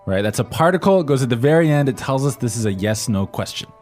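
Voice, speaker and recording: Guy co-hosting a chinese lesson, keeps asking "right?", soft music behind. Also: medium pitch, animated, fast. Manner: prompts with questions, often ends with "right?". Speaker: co-host, learner's voice. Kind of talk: scripted language-lesson podcast. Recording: faint music bed.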